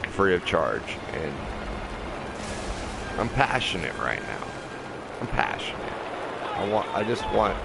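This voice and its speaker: Man, lowish voice, heated profane rants over live gameplay; camper setting, noisy stream audio. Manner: profane, impassioned ranting. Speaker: livestreaming gamer. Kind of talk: ranting live gaming commentary. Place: inside a camper. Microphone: desk mic.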